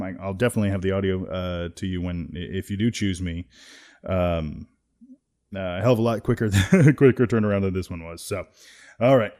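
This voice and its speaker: A man's voice: on the low side, a little mellow. A man talking casually and hesitantly before reading audition lines. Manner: hesitant, many fillers. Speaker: voice actor auditioning.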